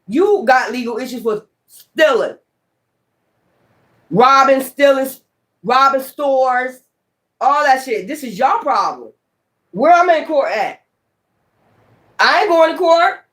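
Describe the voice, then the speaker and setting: A woman's voice: high voice, expressive, slow, long pauses, fairly bright tone. A woman giving a tarot reading in a blunt, profane, emphatic way. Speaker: tarot reader.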